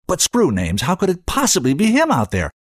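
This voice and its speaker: A male host reading fiction aloud with expressive storytelling. His pitch moves widely from line to line, and the sound is close and dry, with no room echo. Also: fairly quick, husky. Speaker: host and reader. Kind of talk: scripted fiction narration.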